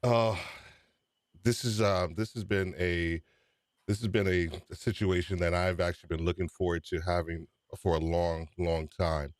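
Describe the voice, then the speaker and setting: A man's voice: low-pitched, steady tone, measured pace, no room sound. A man hosting a live-stream podcast, upbeat and chatty, often repeating his phrases. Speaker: podcast host.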